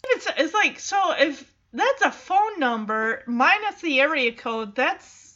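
Chatty high-voiced woman recapping. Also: sing-song, slow, sharp tone, highs cut off. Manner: chatty, laughing asides. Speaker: show recapper. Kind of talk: casual episode recap.

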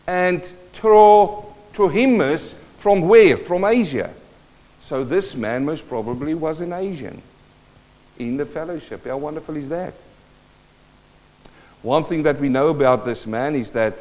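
A man preaching with a fairly high, lively voice, firing questions at his listeners and answering them himself. His voice rings out with a long reverb, and the recording sounds muffled and dull. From New Zealand. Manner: animated, emphatic, asks the audience questions. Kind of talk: sermon.

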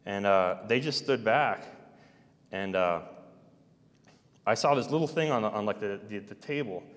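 Man, lowish voice, halting rambling storyteller, reverberant space. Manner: halting, full of restarts and trailing-off phrases.

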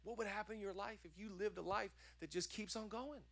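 A man preaching a sermon with a notably high voice, pressing the same encouragement again and again. He slips easily into chatty, joking asides. The sound is close and dry. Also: brisk, creaky, dry recording. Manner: energetic, repetitive exhortation. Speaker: pastor.

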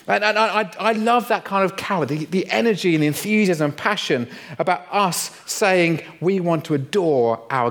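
A middle-aged man delivers a light-hearted sermon in a fairly high voice. He tells stories with playful, self-mocking humour. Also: fairly bright tone. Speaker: pastor. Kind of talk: humorous sermon.

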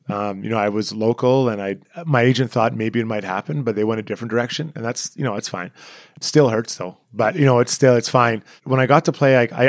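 Canadian guy in his 40s, talks quick and chatty, pokes fun at himself, dry close mic. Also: mid-range voice, no room sound. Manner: chatty, self-deprecating, animated when retelling stories. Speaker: former hockey player, guest. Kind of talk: casual interview storytelling.

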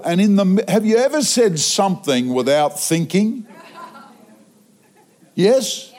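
A man preaching in a church auditorium, telling a funny story with animated delivery and sudden loud outbursts. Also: high-pitched, unhurried, long pauses. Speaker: traveling preacher. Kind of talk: sermon.

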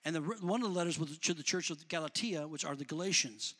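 A man preaching a sermon, talking in a plain, colloquial way to the congregation and rising to shouts before dropping back to easy talk. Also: fairly high pitch, fast. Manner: builds to shouting, then drops back to conversational.

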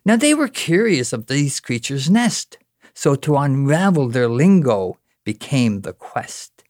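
A man with a Newfoundland accent recites a rhyming spoken-word tale, his lines rising and exclaiming with rhythm. His voice sits at an ordinary middle pitch. The sound is close and dry, with no room around it. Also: very animated, unhurried, a little mellow, no echo. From Newfoundland, Canada. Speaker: storyteller.

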